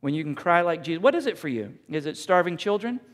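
High-voiced pastor preaching in a reverberant hall. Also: male voice, quick pace. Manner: conversational and animated, with self-corrections. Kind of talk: sermon. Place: church sanctuary.

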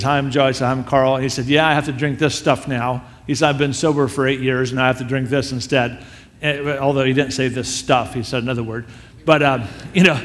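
A man telling a story as a sermon, animated and acting out the people he quotes. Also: medium pitch, a little hiss or hum. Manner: animated storyteller who acts out quoted voices. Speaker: speaker telling a story to a church audience. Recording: long hall reverb.

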